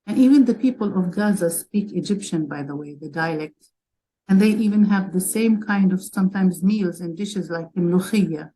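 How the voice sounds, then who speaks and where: A woman's voice: mid-range voice, dark tone, poor audio. A woman from Palestine speaking as a webinar panelist, emotional and urgent as she argues for advocacy. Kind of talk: impassioned advocacy talk.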